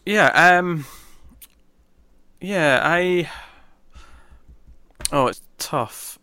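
A man co-hosting a casual podcast, chatting through a film review with lots of restarts and animated emphasis. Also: on the high side, drawn-out words, dry recording. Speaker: podcast co-host.

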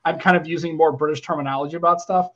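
An American man hosts a casual tech podcast, talking quickly in a slightly high voice. He rambles with restarts and lets phrases fade quietly, and the audio is muffled and lo-fi. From United States. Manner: rambling, animated, trails off quietly at phrase ends. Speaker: podcast host.

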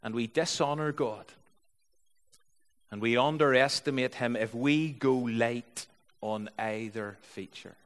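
A man's voice: mid-range voice, slow, big-room sound. A man preaching a sermon, reading scripture and explaining it in an earnest, searching way. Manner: earnest, explanatory, reads with feeling.

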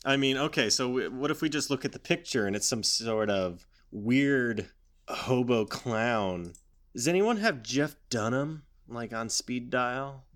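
A man's voice: mid-range voice, expressive, a little slow, a bit bright. A man co-hosting a podcast in casual chat, jokey and fond of puns, steering the talk along. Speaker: podcast co-host.

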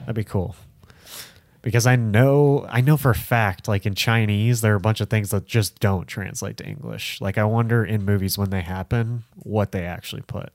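A man's voice: lowish voice, moderate pace, no room sound, studio quality. A man co-hosting a podcast, rambling in casual chat with lots of filler words. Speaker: podcast co-host.

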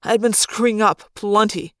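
A woman's voice: mid-range voice, steady tone, moderate pace, no echo. Woman reading a story, dry and close. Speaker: fan audiobook reader. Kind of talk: first-person story narration.

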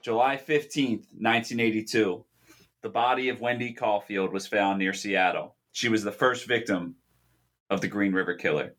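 A man co-hosting a podcast, chatting in a relaxed, dry, self-mocking way and introducing segments. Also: fairly low pitch, moderate pace. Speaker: podcast co-host. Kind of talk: casual chat and segment intro.

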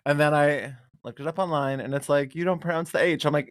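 An animated man co-hosts a casual podcast, telling stories with plenty of swearing and acted-out quotes. His voice sits at a middle pitch, recorded close and dry with no room sound. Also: fast talker, no echo. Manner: animated storyteller who swears, acts out dialogue. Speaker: podcast co-host. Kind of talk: casual chat.

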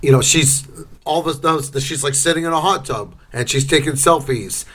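A middle-aged man co-hosting a podcast, chatting casually and acting out scenes in loud, shouted bursts. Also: a little high, brisk. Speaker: podcast co-host. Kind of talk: casual chat.

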